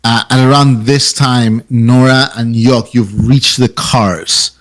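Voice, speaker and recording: A young man runs a tabletop game as game master. His narration is halting and full of fillers and restarts, and his voice sits at a middle pitch. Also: steady tone, low-quality recording.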